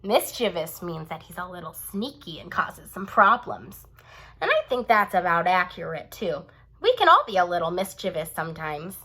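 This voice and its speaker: A woman's voice: on the low side, sing-song, breathy edge. A young woman teacher reading a bedtime story aloud to children, stopping to ask them questions. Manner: warm, slow, asks children questions.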